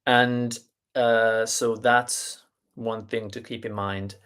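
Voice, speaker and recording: A man teaching a live online language lesson, explaining deliberately with fillers and restarts and spelling out letters and sounds one by one. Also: medium pitch, little pitch movement, a bit bright, clear, resonant tone. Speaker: Italian teacher.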